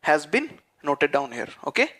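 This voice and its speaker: A man teaching a class, dictating notes and repeating phrases slowly so students can write them down. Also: a little high, sing-song, a bit bright. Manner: frequent fillers like "what you call" and "okay". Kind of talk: dictated lecture.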